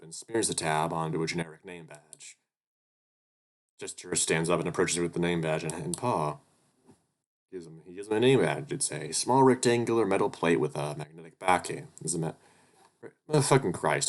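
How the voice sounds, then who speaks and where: A man with a very low voice reads a visual novel aloud, breaking into flustered, swearing commentary. His reading is casual and excitable. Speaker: let's play narrator.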